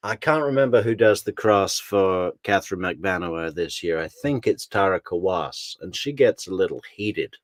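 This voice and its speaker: Chatty low-voiced man hosting a stream. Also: animated, normal speed, few pauses, no room sound. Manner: chatty, laughs often, thanks viewers warmly by name. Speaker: true crime commentary host. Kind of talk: casual live-stream commentary.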